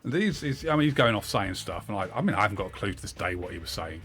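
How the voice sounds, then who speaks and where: This is a middle-aged man storytelling casually as he streams a game, his tale rambling, profane and heavy with fillers. His low voice is animated, rapid-fire and a bit bright, set against game music.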